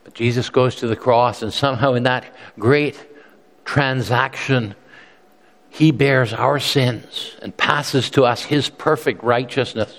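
A man's voice: mid-range voice, fairly even intonation, slow pace, a bit bright. A male pastor preaching a sermon in an earnest, emphatic way, often repeating words as he restarts. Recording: long reverb from a large hall.

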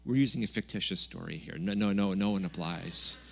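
Man, lower-pitched voice, pastor delivering a casual, humorous sermon with sudden loud bursts. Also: brisk, vocal fry, husky. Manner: conversational, jokey preaching with sudden loud bursts. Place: church service.

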